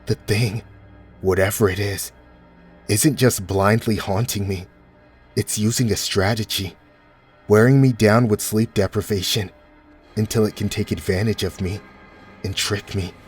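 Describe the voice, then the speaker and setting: A man with a fairly low, husky voice reads a horror story aloud in a steady, measured way. Faint music plays underneath the scripted narration.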